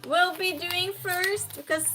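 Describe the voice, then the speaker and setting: A woman's voice: very high-pitched, steady tone, slow. A woman hosting a casual trivia stream, reading questions aloud and chatting with viewers, sometimes raising her voice.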